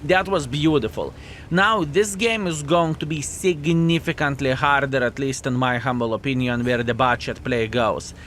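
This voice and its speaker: A man commentating his own video game match to viewers, animated and self-mocking, calling them fellas, with slightly non-standard English phrasing. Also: mid-range voice, normal speed, a little hiss or hum. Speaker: video game player and channel host. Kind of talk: live gameplay commentary.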